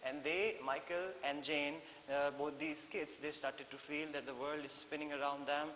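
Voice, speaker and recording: An Indian man teaching an English lesson in a classroom, explaining slowly and repeating phrases with frequent "okay?" checks. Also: fairly high pitch, fairly even intonation, bright, forceful tone. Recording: echoey hall with faint hiss.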